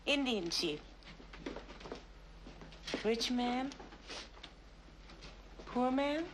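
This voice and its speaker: A woman's voice: fairly high pitch, animated, extremely slow, background noise. An actress playing a sensitive young woman who questions her mysterious lover earnestly in a 1970s TV drama. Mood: playful. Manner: earnest, probing, turns soft and breathy when tender.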